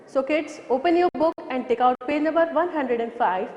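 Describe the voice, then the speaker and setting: A woman with an Indian English accent reads a children's lesson aloud in a high, clear voice, stopping often to spell words letter by letter. The room is echoey, with a long reverb trailing behind her voice. She speaks slowly and patiently, as a teacher to young pupils. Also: darkish tone, dull audio, a little hiss or hum.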